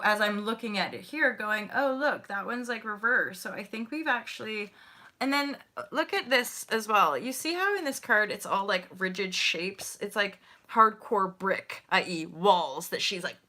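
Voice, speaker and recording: A woman hosting a live tarot reading, chatting warmly to viewers with gushing, animated, casual talk. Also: medium pitch, unhurried. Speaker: tarot reader and host.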